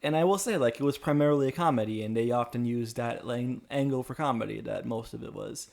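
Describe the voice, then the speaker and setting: A man's voice: medium pitch, fast talker, creaky, darkish tone. A man co-hosting a casual podcast chat, analytical, arguing his points at length with frequent fillers. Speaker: podcast co-host.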